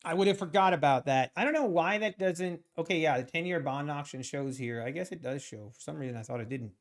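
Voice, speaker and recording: A man's voice: fairly high pitch, a little fast. A man hosting a live trading stream, chatting casually and rambling as he reacts to viewers' messages. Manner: rambling, chatty, reads chat aloud.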